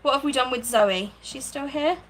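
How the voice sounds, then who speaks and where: A woman's voice: high-pitched, moderate pace, a bit bright, low-quality recording. A woman hosting a casual craft livestream from her home craft room, chatting, thinking aloud and thanking viewers by name. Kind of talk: casual live-stream chat while crafting.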